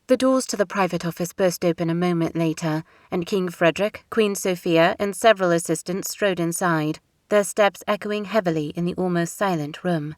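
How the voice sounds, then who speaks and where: A woman narrating a romance audiobook in a steady, measured reading voice. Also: fairly low pitch, no room sound, studio quality.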